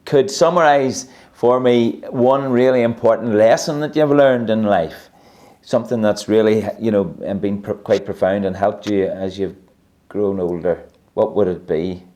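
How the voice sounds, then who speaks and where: A man interviewing an older guest, asking questions in a gentle, halting way. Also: on the low side. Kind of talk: conversational interview.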